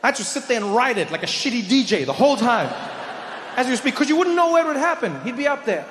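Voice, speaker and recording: A man performing a stand-up comedy set, animated, hammering home repeated punchlines. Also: very high voice, quick pace, background noise. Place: live comedy venue. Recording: echoey live hall. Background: audience laughter.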